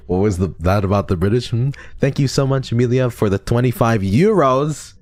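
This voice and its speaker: A young man streaming and reading donations in a casual chat, soft and affectionate, sometimes teasing his viewers. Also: mid-range voice, very animated, normal speed, no room sound, faint music behind.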